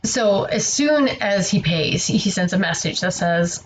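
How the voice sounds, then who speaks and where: A woman's voice: on the low side, animated, unhurried, hardly any pauses, a little hiss or hum, low-quality recording. A woman telling a story to camera in a casual vlog. She sounds tired and exasperated, rambles, and swears freely. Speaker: online seller vlogger.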